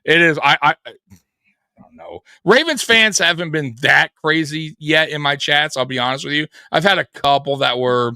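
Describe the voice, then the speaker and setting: A man's voice: fairly high pitch, normal speed, bright, forceful tone, smooth, dry recording, studio quality. A man co-hosting a live sports show, talking casually, profane and rambling.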